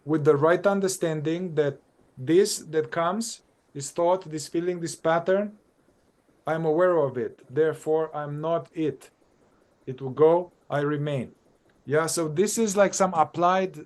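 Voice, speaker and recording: A male psychotherapist with a somewhat higher voice for a man talks in an unscripted, conversational way. He is animated, thinking aloud and circling back through repeated phrases as he explains his methods. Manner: animated, acts out exchanges with clients. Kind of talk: conversational dialogue on spiritual practice.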